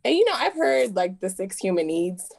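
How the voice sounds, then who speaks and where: Gravelly-voiced young woman sharing candidly. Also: medium pitch, very animated, moderate pace, a little mellow. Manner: earnest, chatty, many likes. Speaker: coaching participant. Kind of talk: casual sharing.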